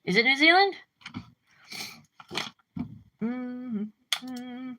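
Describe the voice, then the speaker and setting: A woman streamer chatting casually with her live chat, rambling and jumping up in pitch when she gets worked up. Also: sing-song, measured pace, sharp tone. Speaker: livestreamer.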